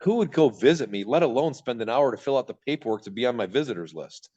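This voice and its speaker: Man, 30s, from Michigan, podcast guest; rapid, rambling storyteller, lo-fi dull sound. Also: mid-range voice, lively intonation, a little mellow. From Michigan, USA. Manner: rambling, self-interrupting, acts out his own past thoughts. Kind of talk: candid storytelling in a podcast interview.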